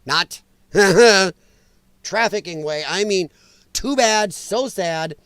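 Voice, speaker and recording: A man's voice: sits high, very slow, a bit bright, clear, resonant tone, dry recording. A man hosting a political commentary livestream, ranting with strong opinions and reacting to viewer chat. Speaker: host.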